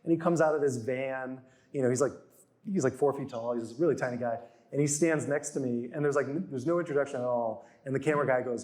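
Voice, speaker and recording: A man's voice: a little high, quick pace, darkish tone. A man in his forties telling stories in casual chat, acting out quotes in raised voices. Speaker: author and guest. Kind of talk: casual storytelling.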